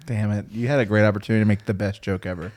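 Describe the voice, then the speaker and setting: A man's voice: fairly low pitch, steady tone, darkish tone. A man co-hosting a podcast, joking around in casual banter with a playful manner. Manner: playful, quick to laugh. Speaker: podcast co-host.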